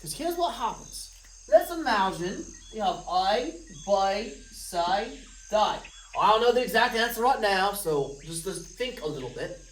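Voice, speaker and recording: A woman's voice: mid-range voice, big pitch swings, unhurried, slight background noise. A woman teaching a recorded math review lesson, walking through problems step by step with playful, jokey asides to students. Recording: roomy, from a distance of the mic.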